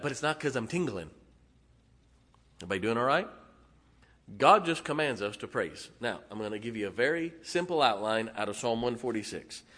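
Bright-voiced preacher man. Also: medium pitch. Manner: animated preaching, asks the congregation "amen?"; rhetorical questions and homely humor. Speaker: pastor. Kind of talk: sermon.

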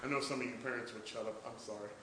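A middle-aged man preaching a sermon in church, telling a story and swinging from hushed asides to loud emphasis. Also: medium pitch, steady tone, very fast, noisy background.

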